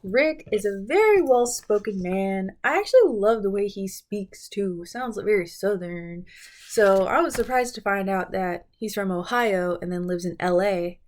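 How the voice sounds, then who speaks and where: Young woman, casual vlog commentary, playful, gossipy, mid-pitched voice. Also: lively intonation, unhurried, darkish tone. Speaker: beauty and reality TV vlogger.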